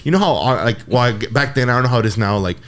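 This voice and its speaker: A young man co-hosting a podcast, telling profane, animated work stories in casual chat. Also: mid-range voice, quick pace. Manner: profane, animated, mimics customers. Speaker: podcast co-host. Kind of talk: casual storytelling.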